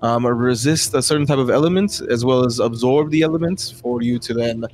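A man's voice: mid-range voice, a little fast, darkish tone, a little hiss or hum, natural voice. A man voicing a cheerful female gnome blacksmith in a tabletop game, talking in a hesitant way full of fillers. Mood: helpful. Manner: chatty, hesitant, filler-heavy. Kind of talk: tabletop role-play voicing.

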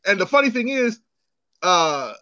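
A man in his thirties co-hosting a casual chat, an animated storyteller who swears and acts out quotes. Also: high voice, measured pace, no room sound, lo-fi sound.

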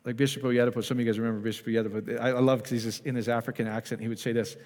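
A pastor with a medium-pitched, flat voice talks fast through a casual, conversational sermon. He keeps quizzing the congregation and often restarts his sentences, all under long hall reverb.

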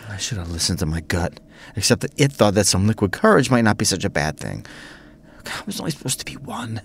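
An actor playing a nervous, tipsy young priest who rambles in a flustered way. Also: male voice, fairly low pitch, very animated, fast, vocal fry, breathy edge, full character voice. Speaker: Father Montgomery, a priest.

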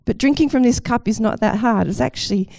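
A woman's voice: a little high, a little fast, creaky, a little mellow. A woman preaching a sermon with enthusiasm and a light self-deprecating humour.

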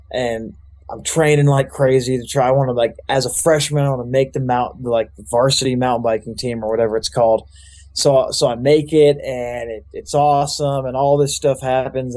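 A young youth pastor rambles through his life story as a casual testimony, leaning heavily on filler words. His voice is medium in pitch with a somewhat dark tone.

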